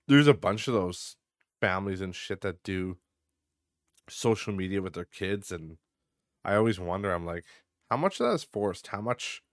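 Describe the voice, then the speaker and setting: A man's voice: on the low side, fairly bright tone, no room sound. A young adult man hosting a casual solo podcast, ranting with frequent swearing and lots of filler words into a close mic. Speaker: podcast host.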